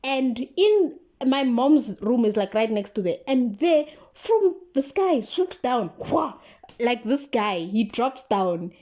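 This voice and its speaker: Young South African woman, casual storytime vlogger; mellow, animated, slangy delivery with lots of filler words. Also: fairly high pitch, slow.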